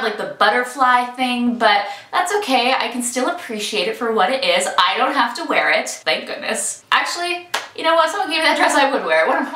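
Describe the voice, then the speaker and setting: A woman's voice: mid-range voice, pushed and bright. A woman chatting enthusiastically and casually as she reviews a film trailer. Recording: echoey room, mic at some distance.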